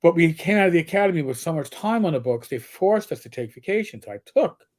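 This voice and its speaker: A man's voice: on the high side, animated, quick pace, a little mellow. A middle-aged man, a former police officer co-hosting a livestream, telling blunt, profane stories in casual chat. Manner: blunt storyteller, swears freely.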